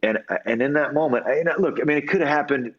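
A man telling a personal story as an interview guest, earnest and halting, with many restarts and fillers. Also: fairly high pitch, slightly rough, highs cut off.

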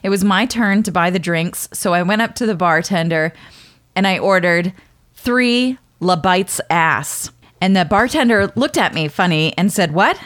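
Female podcast co-host, chatty mail reader, lower pitch, dry recording. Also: normal speed, no echo. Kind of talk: casual chat reading listener mail.

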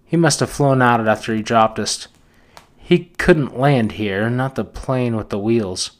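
A man's voice: medium pitch, a little slow, natural voice. A man reading aloud and voicing an offhand, carefree fair-haired boy who gives curt, casual replies.

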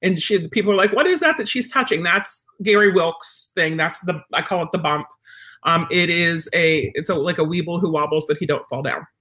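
A woman dog trainer chatting casually to viewers, rambling and filling pauses with um and you know. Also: lowish voice, steady tone, fairly bright tone. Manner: rambling, chatty, many fillers.

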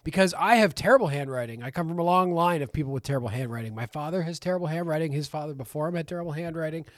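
A male podcast co-host rambles and jokes through a casual film chat, swearing freely. His voice sits a little high, and the recording is dry and close, with no room sound. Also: lively intonation, racing, no room sound. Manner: profane, joking, rambling.

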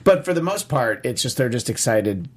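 A man's voice: medium pitch, big pitch swings, moderate pace, slightly rough. A man discussing an old film in casual conversation, rambling with many fillers and restarts.

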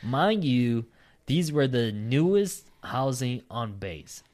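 A man's voice: mid-range voice, very animated, slow, a little mellow. A man hosting a casual podcast, reading a listener's story aloud and breaking off for profane, joking asides. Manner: profane, laughing asides between read lines.

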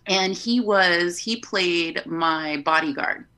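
Animated, laughing woman telling stories. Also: lowish voice, slow. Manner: animated storyteller, laughs often, acts out quotes. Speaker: podcast guest, haunt performer. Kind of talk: casual interview chat.

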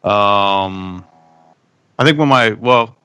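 A man in his thirties on a podcast, talking casually and reflectively about fatherhood, halting with many fillers. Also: fairly low pitch, pushed and bright, clear, resonant tone. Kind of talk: casual chat.

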